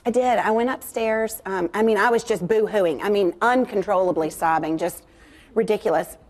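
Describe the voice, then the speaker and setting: A woman's voice: medium pitch, normal speed, darkish tone. A woman, a guest author, talking candidly about faith and family in an earnest, confiding way with frequent fillers.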